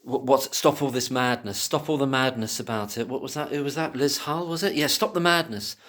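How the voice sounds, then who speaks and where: A man giving impassioned solo commentary who swears freely and swings from angry ranting to quiet muttering. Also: mid-range voice, brisk.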